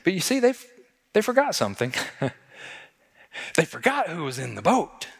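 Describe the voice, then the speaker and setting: A man's voice: on the high side, huge pitch swings, normal speed, creaky, breathy edge, big-room sound. A man preaching a sermon as a pastor, talking conversationally and asking the congregation rhetorical questions.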